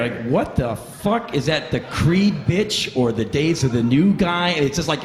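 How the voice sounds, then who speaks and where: A man in his fifties from Washington, D.C. tells a stand-up monologue, intense and profane, often bursting into shouts. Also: fairly high pitch, lively intonation, moderate pace, few pauses, slight background noise. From Washington, D.C., United States. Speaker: spoken-word performer. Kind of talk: stand-up spoken-word monologue.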